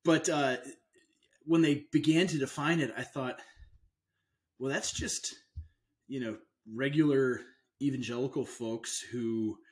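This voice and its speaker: A man, a pastor and author, speaking as a guest in a casual conversation. He talks haltingly, often trailing off and restarting his sentences. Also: mid-range voice, fairly even intonation.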